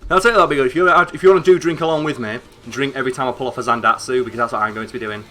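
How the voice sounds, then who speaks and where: Excitable sweary northern English man. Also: mid-range voice, racing. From northern England. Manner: excitable, sweary, rambling with frequent "like" fillers. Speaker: streamer. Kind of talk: casual gameplay commentary.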